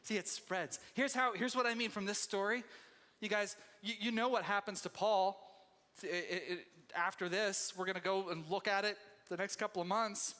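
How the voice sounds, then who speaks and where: A male pastor preaching a sermon with a high, bright, forceful voice that rings through a reverberant church hall. He talks to the congregation like friends, swinging between intense, loud bursts and hushed, intimate asides. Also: fairly even intonation, moderate pace. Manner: conversational, addresses congregation as "you guys". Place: church sanctuary.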